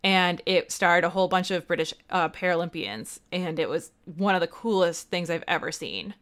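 A young woman co-hosting a podcast, talking in a chatty, animated, self-deprecating way. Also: lowish voice, normal speed. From United States. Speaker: podcast co-host. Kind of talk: casual chat.

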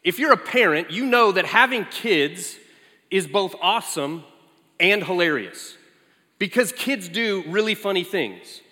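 A man in his forties preaching as a guest, telling lively family stories with animated quotes of his child. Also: high-pitched, unhurried. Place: large church sanctuary. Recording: echoey large hall.

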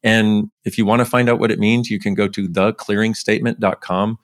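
A man appears as a podcast guest, talking casually and fairly quickly in an interview. He's animated, sharply pushing his pitch up for emphasis, and the recording is dry with clean studio sound.

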